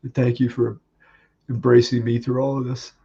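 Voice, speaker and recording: Man, grieving husband, warm mellow rasp, halting and tearful, lo-fi call sound. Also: mid-range voice, little pitch movement. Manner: halting, tearful, laughs through grief. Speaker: grieving husband sharing memories. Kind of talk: emotional memorial tribute. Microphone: video call.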